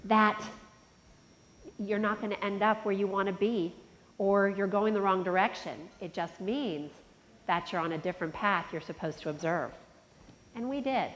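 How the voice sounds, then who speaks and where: Woman telling her story in an echoing hall. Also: a little hiss or hum. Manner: heartfelt, reflective, with sudden rises in pitch and volume. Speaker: conference speaker. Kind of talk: personal storytelling speech. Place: large conference hall. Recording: long reverb from a conference hall.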